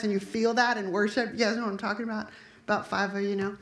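A woman's voice: medium pitch, little pitch movement, fast talker, fairly bright tone. A woman preaching a sermon in a chatty, conversational way, dropping joking asides to her congregation. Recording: echoey room.

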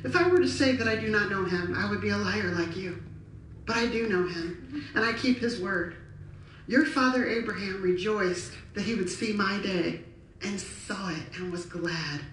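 A woman voicing a calm, patient man who speaks with authority, quoting in a slow, measured way. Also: mid-range voice, slight background noise, lightly acted. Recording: echoey hall from far off.

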